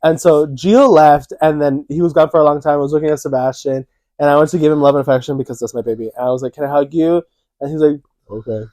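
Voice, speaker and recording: A young man with a fairly high, mellow voice tells stories in a casual chat, jumping into acted-out quotes with a lifted voice. The sound is close and dry, with no room around it. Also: fast talker, no echo. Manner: animated, acts out quotes in a raised voice. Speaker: co-host.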